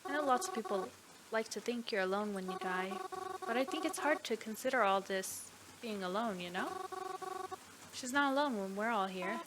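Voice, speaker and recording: A woman voicing a kind young woman in a game who comforts a mourner in a soft, earnest way. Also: medium pitch, moderate pace, natural voice. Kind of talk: visual novel read aloud. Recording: noisy background.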